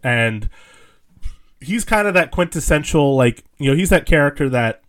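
A man's voice: on the high side, lively intonation, moderate pace, a bit bright. A man co-hosting a casual film chat, rambling with fillers and restarts and laughing often. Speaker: podcast co-host.

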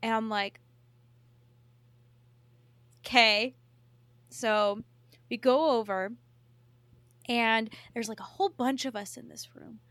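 Mulher animada, muitos "tipo". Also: female voice, fairly high pitch, measured pace, no room sound. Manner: excited, swears often, many "like" fillers. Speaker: podcast co-host. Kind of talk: casual chat.

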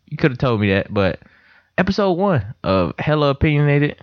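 A young man hosts a laid-back podcast from a room in a house and tells animated stories. His pitch swings widely as he acts out quotes, and his voice sounds dry and close. The home recording has a dull, lo-fi tone. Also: normal speed, dry recording. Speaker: podcast host. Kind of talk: casual chat. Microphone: computer mic.

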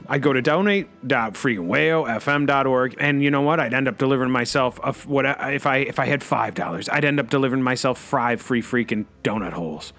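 A man hosting a comedy radio show, delivering a rambling in-character monologue full of a repeated catchphrase, swinging between loud outbursts and low asides. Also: fairly quick, creaky, soft background music. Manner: peppers every sentence with a repeated catchphrase.

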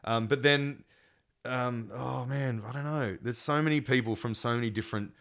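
The guest, a musician, has a mid-range voice and moderate pace. Chatting casually, he tells stories with lots of swearing and animated impressions of what people said.

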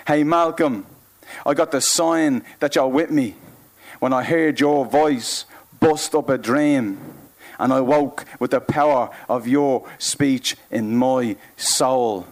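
A man with a Dublin accent reads his poetry aloud on a club stage. He keeps an unhurried, rhythmic pulse and leans hard on words, then drops suddenly to a hush. His voice sits at an ordinary middle pitch. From Ireland. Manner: rhythmic, emphatic delivery with sudden shifts between loud and hushed. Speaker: performance poet. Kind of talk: live spoken-word performance. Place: club stage, live broadcast.

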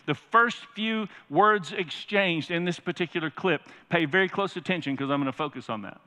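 A man's voice: high-pitched, moderate pace, sharp tone. A man preaching a sermon as pastor, emphatic and often putting questions to the congregation. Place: large church sanctuary. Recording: reverberant church hall.

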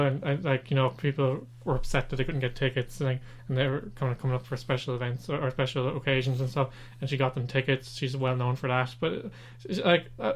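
A man co-hosting a casual podcast, rambling and gushing with lots of fillers. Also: mid-range voice. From Ireland. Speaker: podcast co-host.

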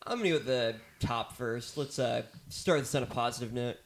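A man's voice: mid-range voice, a little fast. Male co-host, mid-range voice, dry humor, filler-heavy. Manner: dry, joking asides with many fillers. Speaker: movie review co-host. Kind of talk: casual chat.

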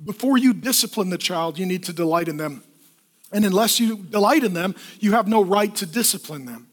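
A man preaching a sermon as pastor, telling stories in an animated way, acting out voices and asking the congregation to answer back. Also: high voice, a little fast. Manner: animated storytelling with acted kid voices, asks the congregation for responses.

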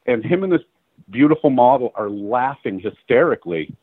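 Speaking as a guest in a relaxed storytelling interview, this middle-aged male photographer tells tales from his working life with lots of "uh" and "you know," voicing the characters and laughing as he goes. The pitch sits in the middle, the pace is moderate, and the sound is dry and narrow like a phone line, with no echo.

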